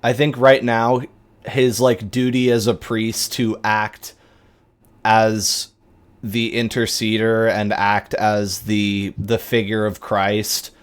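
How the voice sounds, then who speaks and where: A man narrating as game master, talking in a relaxed, halting way. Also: on the low side, clean tone.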